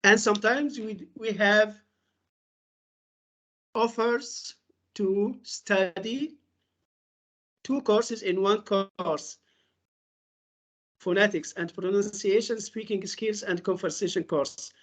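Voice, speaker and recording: Slow, drilling woman English teacher. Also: medium pitch, fairly bright tone. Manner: repeats example words slowly, drill-like. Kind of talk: webinar lecture on pronunciation.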